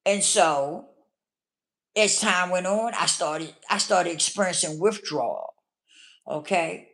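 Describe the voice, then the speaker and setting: A woman's voice: on the low side, slow, fairly bright tone. A woman telling her own story in a blunt, casual way, often checking in with the listener. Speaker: vlogger. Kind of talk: candid personal storytelling.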